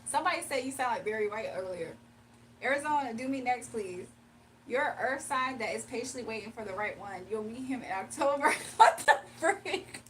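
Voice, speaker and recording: A woman's voice: a little high, a little fast, fairly bright tone, far from the mic, slight background noise. A young woman hosting a casual livestream, chatting with viewers, reading their comments aloud and laughing often. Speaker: livestream host giving spiritual readings.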